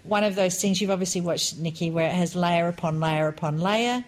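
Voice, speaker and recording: Woman in her 40s chatting on a podcast, lowish voice, tells stories with lots of pep. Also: a little fast, slight background noise. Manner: chatty, animated storytelling. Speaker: podcast co-host. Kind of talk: casual chat.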